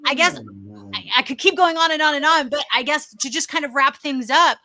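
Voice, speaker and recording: An effusive woman hosting an online interview, her voice bright and ringing. She pitches a little high and tells her stories with eager energy. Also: brisk. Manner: upbeat, effusive, storytelling. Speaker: host. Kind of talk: virtual interview chat.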